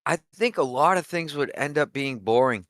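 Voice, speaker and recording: A man's voice: fairly high pitch, animated, moderate pace, a bit bright, no room sound, studio quality. A laid-back man chatting casually on a group voice call. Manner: laid-back, says dude.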